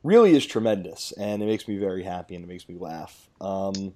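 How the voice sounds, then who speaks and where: A man's voice: low-pitched, lively intonation, fairly quick, warm tone. A man hosting a casual sports podcast, laughing easily and rambling with restarts. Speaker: podcast host.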